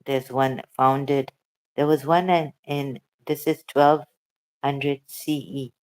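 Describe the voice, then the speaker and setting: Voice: mid-range voice, level tone, slow pace, darkish tone. A channel host talking emotionally and hesitantly in a casual livestream chat.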